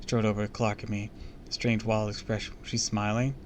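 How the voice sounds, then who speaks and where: A man's voice: lowish voice, flat delivery, a little fast, a little hiss or hum. A man reading a book aloud on a live stream, with small slips and casual asides to his chat.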